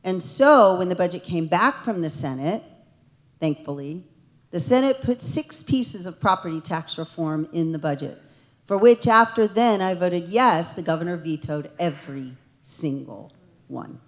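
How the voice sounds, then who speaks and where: Woman, lowish voice, state rep addressing a town hall; earnest, emotional, builds to emphatic points. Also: expressive, measured pace. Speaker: state representative. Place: township meeting hall.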